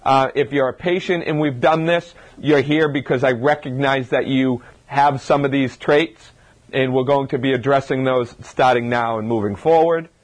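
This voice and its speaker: A male chiropractor speaks to a live audience in an informal health talk, at medium pitch, with fairly even intonation and a moderate pace. He frequently restarts and uses rhetorical questions to move through his points.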